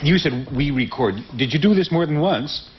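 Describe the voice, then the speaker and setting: A man's voice: fairly high pitch, animated, normal speed. A man on a game show panel asking questions with a wry, dry wit. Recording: lo-fi 1970s TV broadcast with faint hiss.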